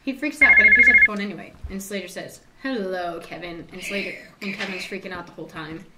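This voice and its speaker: A teenage girl with a mid-range voice talks fast, casually retelling a novel's plot as a student storyteller and slipping into quoted voices. She's recorded on a distant mic with background noise.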